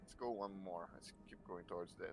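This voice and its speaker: A man's voice: low-pitched, brisk. A man playing a tabletop game, chatting casually and joking, swearing freely. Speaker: player.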